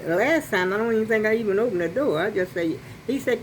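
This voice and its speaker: A woman's voice: mid-range voice, animated, quick pace, hardly any pauses, slight background noise, poor audio. An older woman telling a rambling, chatty story to her phone camera at home. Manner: rambling, chatty, with many restarts and asides. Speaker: vlogger. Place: apartment at home. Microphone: phone on a selfie stick.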